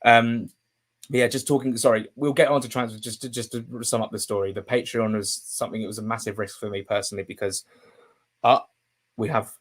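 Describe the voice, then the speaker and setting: Fairly low-pitched and fairly quick, this young football journalist chats loosely on a live stream. His talk wanders, full of fillers and false starts, punctuated by emotional, excitable flare-ups.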